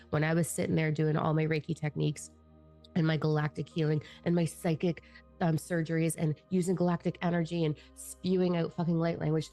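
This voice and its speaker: A middle-aged woman spiritual teacher speaks in a casual, profane monologue, fired-up and blunt. Her voice sits low, with a gravelly fry and a warm, mellow tone. Faint music plays underneath.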